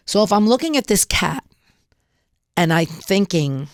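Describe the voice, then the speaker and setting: A woman hosting a podcast gives an upbeat, motivational how-to talk, acting out examples as she goes. Her mid-range voice is sing-song and unhurried. The studio-quality recording has no echo.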